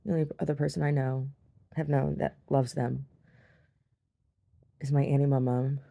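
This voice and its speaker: A woman telling a rambling story in her video diary, chatty and quick to laugh, often repeating herself. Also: very deep voice, little pitch movement, gravelly, mellow. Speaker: video diarist. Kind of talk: casual storytelling to camera.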